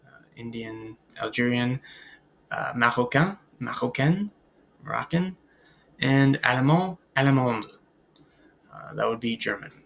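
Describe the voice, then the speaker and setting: A man with a gravelly edge to his mid-pitched voice teaches a recorded beginner French lesson. He explains in relaxed English, full of "uh"s and "um"s, and stops to say French words and phrases aloud for students to repeat. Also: unhurried, pauses often, a little hiss or hum. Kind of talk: recorded language lecture.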